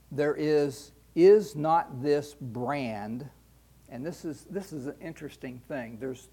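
Slow-talking man teaching a Bible study. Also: on the high side, a little mellow, husky. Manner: conversational, repeats words while searching for phrasing. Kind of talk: sermon.

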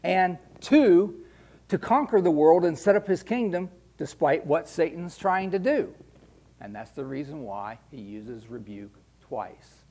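A man's voice: on the high side, lively intonation, unhurried, darkish tone. A middle-aged man teaching scripture in a conversational sermon style, often repeating words as he searches for the phrase. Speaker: Bible teacher.

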